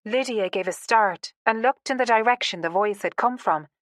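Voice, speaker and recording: A woman narrating a romance audiobook in a measured, expressive storytelling manner. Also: fairly high pitch, dry recording, clean studio sound. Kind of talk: scripted narration.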